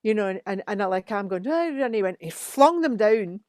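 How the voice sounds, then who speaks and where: A woman's voice: medium pitch, a little fast, clean tone, no room sound. A middle-aged Scottish woman, a musician guest, telling studio stories in casual chat and acting out the quotes. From Scotland. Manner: animated storytelling, acts out quotes.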